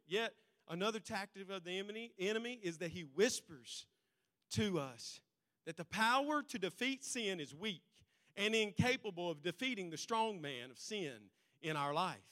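A male pastor preaching a sermon, telling stories in an animated way that swings between loud and quiet. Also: high-pitched, normal speed. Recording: long reverb in a large hall.

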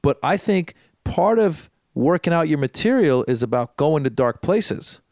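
A man's voice: a little high, expressive, unhurried, darkish tone, no echo, studio quality. Rambling male comedian telling stories. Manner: rambling, storytelling with many restarts. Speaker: comedian podcast co-host. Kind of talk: casual chat.

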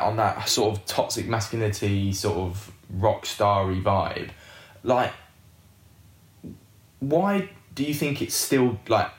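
Low-voiced podcast host, relaxed. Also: male voice. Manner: relaxed, prompting with short agreements. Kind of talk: casual interview chat. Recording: roomy echoey room.

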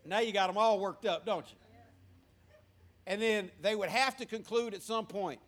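Man, pastor, high voice, sermon, repeats words, rhetorical questions, church. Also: moderate pace, pauses often, fairly bright tone. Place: church sanctuary.

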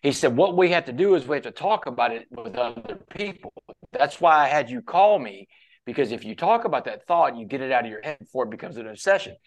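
A man's voice: medium pitch, expressive, fast, lo-fi sound. Casual storytelling man. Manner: quotes others at length, casual, says "man" often. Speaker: podcast guest. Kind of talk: conversational storytelling.

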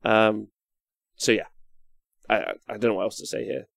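A young man chats on a casual live stream as he paints, reading chat messages aloud and getting loudly excited. His voice has a gravelly edge. The sound is close and dry, with no room around it. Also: lowish voice, moderate pace, no echo. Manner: excitable, swears, reads out chat comments. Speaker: livestream host.

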